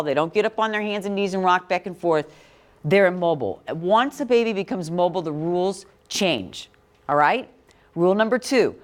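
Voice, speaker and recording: A middle-aged woman teaching a classroom about infant care, talking directly and quizzing her students. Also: on the low side. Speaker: parenting educator. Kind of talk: classroom talk.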